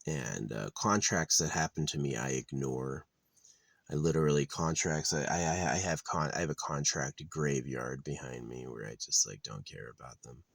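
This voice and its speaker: A man's voice: a bass voice, moderate pace, creaky, no room sound. A man rambling in a blunt, crude monologue outdoors, full of fillers and restarts. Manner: meandering, crude, blunt opinions with many fillers.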